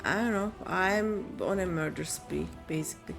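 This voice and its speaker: A woman's voice: on the low side, normal speed, vocal fry, over music. A woman streamer casually commenting on her game, humming and muttering playfully as she plays. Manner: playful, hums and mutters while playing.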